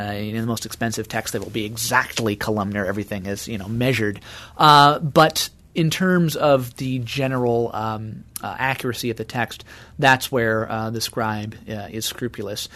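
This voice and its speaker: Male expert guest, mid-pitched, calm and explanatory. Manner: measured, explanatory. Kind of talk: explanatory interview talk.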